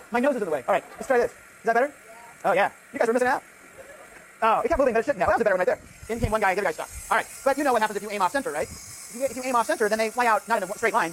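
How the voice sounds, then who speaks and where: A physics professor lectures in a lecture hall, his high, slightly bright voice carrying over faint background noise. He thinks aloud while running a live demonstration, often restarting sentences and checking in with "right?"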